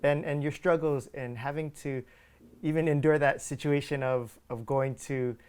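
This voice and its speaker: A man hosts a relaxed podcast interview, his voice a bit higher than average. He talks loosely, full of "like" as he shapes his questions. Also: normal speed, smooth. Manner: thoughtful, lots of "like" fillers. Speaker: podcast host. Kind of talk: casual interview.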